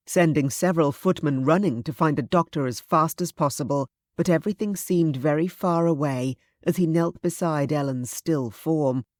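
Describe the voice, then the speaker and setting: A woman narrating a historical romance audiobook in a measured, expressive reading. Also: low-pitched, no room sound, studio quality.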